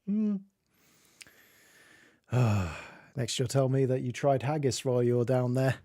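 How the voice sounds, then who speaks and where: A man's voice: mid-range voice, measured pace, dark tone, no room sound, clean studio sound. A Scottish man hosting a casual chat stream, joking and laughing at himself as he talks. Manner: jokey and self-mocking, laughs often. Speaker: streamer host.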